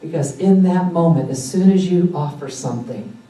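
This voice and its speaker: A woman giving a sermon at a church service, enthusiastic and animated, with excited exclamations. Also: on the low side, normal speed. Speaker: guest speaker at a church service. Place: large sanctuary during a service. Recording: echoey hall, picked up from a distance.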